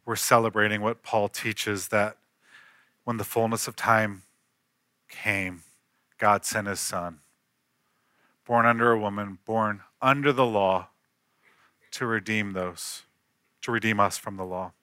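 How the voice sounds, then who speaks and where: A man's voice: on the low side, steady tone, measured pace, long pauses, pushed and bright, dry recording, studio quality. A man in his thirties, a pastor, preaching an earnest storytelling sermon that rises to emphatic peaks.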